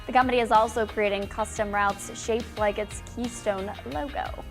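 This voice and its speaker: A woman's voice: medium pitch, fairly even intonation, normal speed, faint music behind. A woman co-anchoring morning TV news, easygoing and giggly in the banter. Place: TV news studio.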